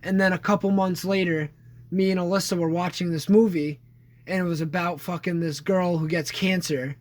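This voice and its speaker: A man's voice: sits high, fairly even intonation, normal speed. A young man co-hosting a casual podcast, rambling and swearing as he recounts a sad movie. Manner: rambling, profane, restarts sentences. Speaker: podcast co-host. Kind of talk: casual chat.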